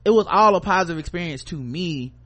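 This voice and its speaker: A man with a slightly raised voice tells a rambling story in a relaxed, chatty way. He drops into quick impressions of coworkers and swears casually. The tone stays conversational and unscripted throughout. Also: high-pitched. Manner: loose anecdotal telling, acts out quoted voices, curses freely.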